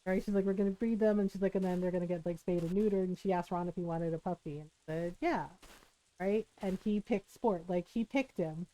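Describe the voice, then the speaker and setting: A woman's voice: on the low side, a little fast, warm tone, low-quality recording. Chatty woman telling a family story. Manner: chatty, rambling, many fillers and laughs. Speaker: livestreamer. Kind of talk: casual storytelling while streaming.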